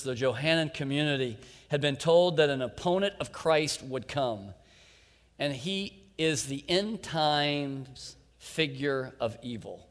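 Preacher in a reverberant hall. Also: male voice. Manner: folksy storytelling, drops to a soft low voice for quotes. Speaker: pastor. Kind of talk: sermon with personal story. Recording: long reverb of a large hall.

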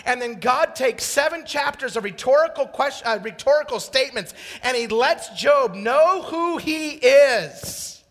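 Impassioned high-voiced preacher in a reverberant hall. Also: male voice, expressive, unhurried, hardly any pauses. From Idaho. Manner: passionate, swings from quiet confession to shouted exclamations. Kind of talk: sermon.

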